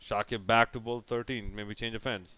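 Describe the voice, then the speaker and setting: A man's voice: fairly low pitch, flat delivery, normal speed, sharp tone, smooth. A young man casually recapping a cricket match over by over, rambling and sarcastic, with many restarts. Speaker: cricket reviewer.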